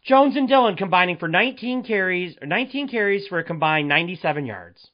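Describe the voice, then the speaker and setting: A man hosting a solo sports podcast, ranting in an animated, exasperated way and firing off rhetorical questions. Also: high voice, fast, lo-fi sound. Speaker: podcast host.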